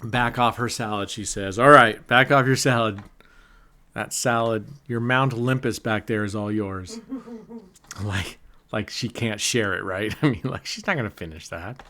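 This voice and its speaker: A man's voice: fairly low pitch, normal speed, bright, forceful tone. A middle-aged man giving casual, joking live commentary on his casino session, laughing often and cheering or groaning at each spin. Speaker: casino vlogger.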